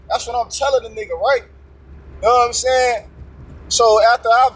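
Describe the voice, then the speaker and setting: A man's voice: very high-pitched, steady tone, moderate pace, long pauses, a bit bright, slight background noise, poor audio. A man casually telling a testimony story, acting out both sides of a tense confrontation in streetwise slang. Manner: streetwise slang with frequent profanity.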